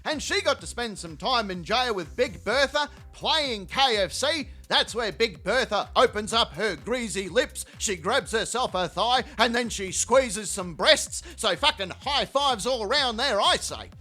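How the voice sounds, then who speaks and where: A man hosting a channel in a crude comedic rant, mocking and profane with rapid-fire tangents. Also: extremely high pitch, animated, pushed and bright, faint music behind. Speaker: channel host.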